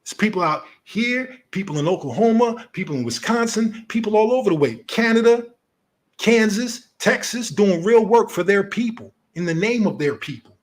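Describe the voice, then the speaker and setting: A man rants in a confrontational, profane voice, his high pitch swinging widely. He argues point by point, calling out his opponent with heated commentary. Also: lively intonation, moderate pace. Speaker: online commentator.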